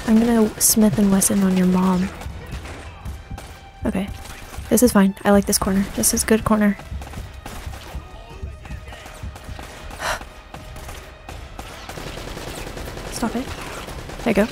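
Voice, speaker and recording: A woman's voice: mid-range voice, flat delivery, drawn-out words, long pauses, a little mellow, soft background music. A woman giving let's play commentary while gaming, panicky and self-mocking, often repeating herself. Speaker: gaming streamer.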